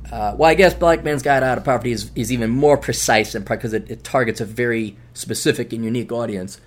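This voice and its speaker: A man hosting his own podcast, talking in a rambling, animated solo monologue with jokey asides. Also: fairly high pitch. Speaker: podcast host.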